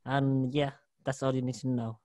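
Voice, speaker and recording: A man voicing a bumbling Eastern European immigrant, talking slowly and quietly in a halting way. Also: mid-range voice, little pitch movement, close to an everyday voice. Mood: deadpan.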